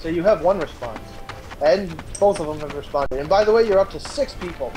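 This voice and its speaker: A teasing male co-host on a game live stream, passing along viewer messages. His voice sits high for a man, with faint game music under it. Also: expressive, fairly quick, a little mellow, poor audio. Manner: teasing, relays chat messages.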